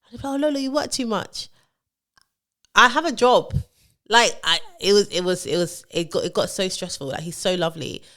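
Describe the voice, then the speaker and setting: A woman's voice: fairly low pitch, a little fast. A woman co-hosting a podcast, telling stories animatedly and acting out what others said. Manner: animated storyteller acting out quotes. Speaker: podcast co-host. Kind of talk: casual chat.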